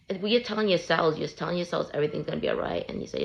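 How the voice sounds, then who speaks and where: A woman speaks in a deep voice with a grainy, creaky edge, coaching her viewers through self-help advice. Her delivery is casual, earnest and repetitive, like a parent talking things through. She records herself on a handheld phone. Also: sing-song, rapid-fire, few pauses, muffled recording, a little hiss or hum. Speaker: parent giving healing advice.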